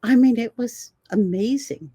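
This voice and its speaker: An older woman, a guest herbalist, telling animated stories in an interview and laughing often. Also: on the high side, unhurried, slightly rough, dry recording. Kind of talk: storytelling in an interview.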